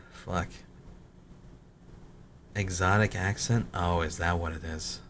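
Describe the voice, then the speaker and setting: A man's voice: deep voice, steady tone, slow pace, a little hiss or hum. A man in his late twenties with a cracking voice, a gaming creator rambling and swearing through casual commentary on his old videos. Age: late 20s. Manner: rambling, swears a lot, self-mocking.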